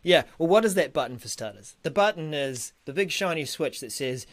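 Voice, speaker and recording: A man's voice: a little high, expressive, fairly quick, no echo. A man co-hosting a tech podcast, chatty and joking in casual talk. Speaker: podcast co-host.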